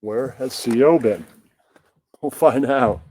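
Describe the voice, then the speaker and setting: A man's voice: mid-range voice, takes it slowly, a little mellow. A man hosting a comedic puppet show, narrating in a rambling, casual way. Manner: rambling, mumbles to himself between bits.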